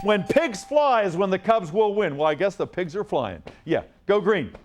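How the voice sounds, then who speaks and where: A man's voice: high-pitched, big pitch swings, moderate pace, slight background noise. A man hosting a school science quiz show on TV, upbeat and coaxing as he reads questions and encourages the students.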